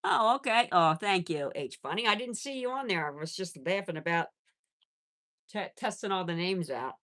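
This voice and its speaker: A woman's voice: fairly low pitch, lively intonation, moderate pace, a bit bright. A woman hosting a casual live stream from home on her phone, chatting with viewers and cooing at her pets. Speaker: pet channel host.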